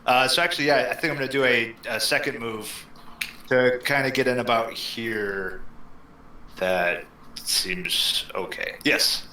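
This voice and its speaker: Bright-voiced rambling game player. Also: male voice, mid-range voice, measured pace, a little hiss or hum. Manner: rambling with many fillers. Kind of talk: casual game narration. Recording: echoey room.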